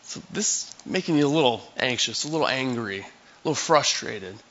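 A man's voice: medium pitch, lively intonation, fairly quick, a bit bright, dull audio. A male pastor giving a sermon in a conversational, storytelling way, acting out scenes for his listeners.

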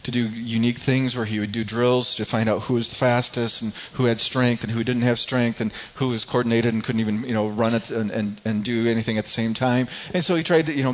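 A man preaching a sermon, telling a personal story in a halting way, often repeating words and growing quiet at painful moments. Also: medium pitch. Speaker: pastor. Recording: slightly dull lo-fi sound.

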